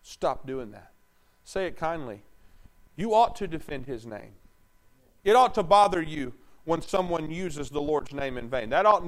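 A man preaching a sermon, asking the congregation questions and swinging between loud bursts and low, intense talk. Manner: emphatic, call-and-response questions to the congregation.

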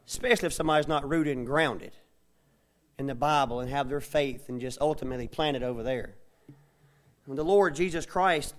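A man preaching a sermon, often tagging his points with a questioning "amen?" and building from quiet asides to loud, emphatic stretches. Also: mid-range voice. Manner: tags phrases with a questioning "amen?". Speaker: pastor.

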